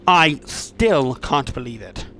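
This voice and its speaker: A man voicing a furious, snobbish middle-aged mother scolding her child in a shrill, indignant tone. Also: normal speed, faint music behind, close to an everyday voice.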